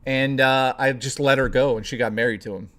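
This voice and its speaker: A man's voice: medium pitch, fairly even intonation, a little fast, fairly bright tone. A man hosting a live stream, chatting casually with viewers, swearing freely and reading the chat aloud. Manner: profane, playful, reads chat aloud.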